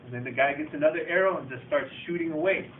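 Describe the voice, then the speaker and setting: A man tells an oral folktale in a casual, repetitive way and talks straight to his listeners, in a fairly high voice. He sounds far from the microphone, and the recording is tinny and echoey, with faint background noise. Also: fast. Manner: casual, repetitive "he goes" narration addressing listeners. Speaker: storyteller.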